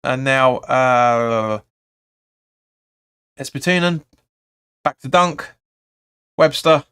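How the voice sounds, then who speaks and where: A man at a middling pitch hosts a live football watch-along, rattling off play-by-play in a clear, rounded voice. He reads out viewer comments and answers them with blunt opinions. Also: extremely slow, fairly bright tone. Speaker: fan channel host.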